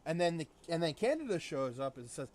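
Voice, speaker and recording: A man's voice: on the high side, very animated, brisk, a little mellow. A young man streaming a game, telling a rambling story full of fillers. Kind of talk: casual gaming stream chat.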